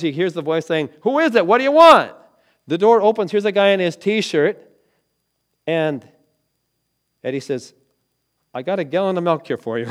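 A man preaching a sermon, telling a story dramatically and dropping from loud lines to hushed ones. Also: fairly high pitch. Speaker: pastor.

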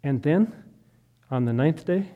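A middle-aged man preaching a sermon, telling a story that swells to loud, impassioned peaks and sinks back to soft, quiet prayer. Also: on the high side, expressive, unhurried, narrow, tinny audio. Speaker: pastor.

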